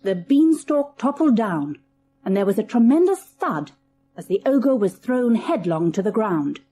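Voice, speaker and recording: Woman narrating a kids fairy tale, lively up and down, mellow voice, faint music. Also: on the high side, a little slow. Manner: expressive, dramatic reading. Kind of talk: storybook narration.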